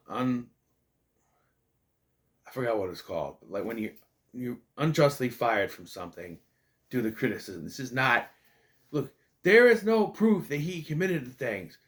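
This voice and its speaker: A man's voice: medium pitch, fairly bright tone. A man giving a casual spoken movie review, ranting in an exasperated way, swearing and rambling with restarts and stammers.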